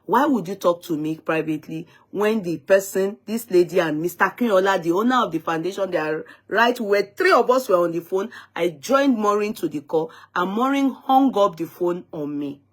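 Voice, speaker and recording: A woman's voice: medium pitch, lively intonation, normal speed, hardly any pauses. Woman host of a live online talk show, emphatic and indignant, repeats points, mid-range voice. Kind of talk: live-stream talk show, recounting a dispute.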